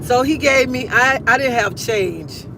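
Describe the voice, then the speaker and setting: A middle-aged grandmother telling a funny family story with lively storytelling while chatting with live viewers from her car. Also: fairly high pitch, measured pace, noisy background. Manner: lively storytelling, laughs easily. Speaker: livestream host. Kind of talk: casual chat with live viewers. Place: car, driving to work.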